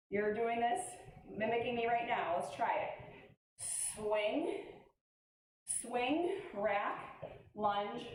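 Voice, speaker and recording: A woman's voice: medium pitch, a little mellow, recorded from a distance. An upbeat woman fitness instructor calls out exercise moves and cheers on her class, laughing now and then. Her voice sits in a very echoey room, some way back from the mic. A faint hiss of room noise runs underneath. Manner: upbeat coaching, calling out moves, frequent laughs. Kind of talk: live online workout class.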